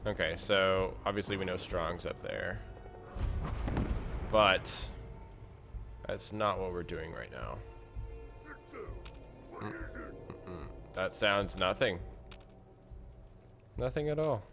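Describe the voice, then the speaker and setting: A man's voice: sits low, slow, long pauses, over music. A man giving casual let's-play commentary while he plays, chatty and self-mocking, thinking aloud. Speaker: gameplay commentator.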